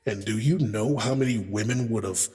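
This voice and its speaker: A man's voice: lowish voice, moderate pace, darkish tone, big-room sound. A man talking casually and emphatically as a relationship advice vlogger, addressing listeners as brothers and swearing freely. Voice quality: profanity-laced, emphatic. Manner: conversational, acts out quotes, addresses men as brothers.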